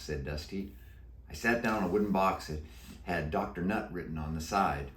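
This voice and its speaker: Deep-voiced man reading a storybook aloud. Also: normal speed. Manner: animated, playful read-aloud. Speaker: author reading his book aloud. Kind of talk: expressive storybook narration. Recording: echoey room.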